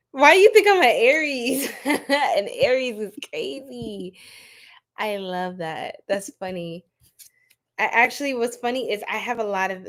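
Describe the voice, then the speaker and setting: A woman tarot reader, chatting and joking with viewers on a live stream and laughing often. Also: mid-range voice. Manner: laughing a lot, playful, chatty.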